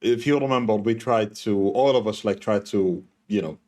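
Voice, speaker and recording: A man chatting casually as a podcast co-host, hesitant and expressive. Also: lowish voice, normal speed. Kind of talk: casual chat.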